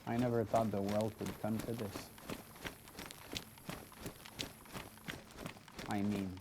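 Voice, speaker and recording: A weary lone survivor, voiced by a man, muses quietly in a low, flat, unhurried voice. Loud outdoor game ambience with hooves clopping sits behind him. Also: gravelly, background noise. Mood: grim. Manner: quiet, low-key inner musing. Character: weary male survivor musing alone. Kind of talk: game role-play narration.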